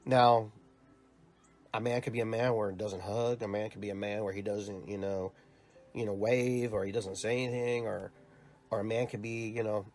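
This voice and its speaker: A man with a fairly low, slightly mellow voice hosts his own show, speaking at a moderate pace in a steady tone while faint music plays behind him. He is a podcast host and youth soccer coach, and his casual, reflective monologue is earnest and rambling, full of repeated words.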